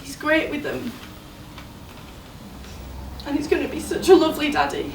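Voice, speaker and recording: An actress playing a grieving young fiancée, high voice. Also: female voice, fairly even intonation, creaky. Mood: tender. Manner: tearful, halting, emotional. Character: young woman, grieving fiancée of an injured footballer. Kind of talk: stage monologue. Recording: roomy, distant mic, faint noise.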